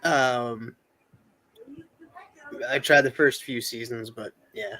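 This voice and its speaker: Male guest, mid-pitched, easygoing, filler-heavy casual talk. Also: steady tone, slow pace, pushed and bright, rough recording. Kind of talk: casual stream chat.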